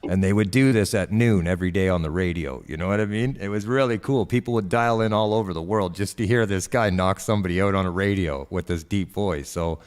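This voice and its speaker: A man in his forties from Canada chats casually on a live stream, rambling through his ideas with eager enthusiasm. His voice sits low, and a long reverb trails behind it. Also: fairly quick, few pauses, clean tone. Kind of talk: casual chat.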